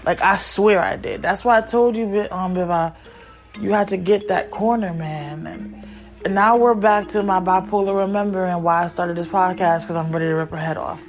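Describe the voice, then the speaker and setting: A mother hosts her own podcast from home, speaking at normal speed in a fairly low voice over soft background music. She chats bluntly and casually with viewers, rambling and getting sidetracked while looking after her kids.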